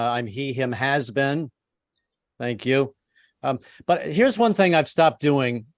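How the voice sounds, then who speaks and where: A man of seventy performing a stand-up comedy set over a video call, self-deprecating and halting, with many restarts. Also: mid-range voice, no echo, studio quality. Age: 70s. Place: home setup on a video call. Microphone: computer mic on a video call.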